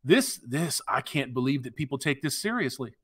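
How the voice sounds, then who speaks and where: A man's voice: mid-range voice, expressive, normal speed, fairly bright tone, slightly rough. A man co-hosting a podcast, laughing and incredulous at a clip. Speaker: podcast co-host. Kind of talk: casual reaction chat.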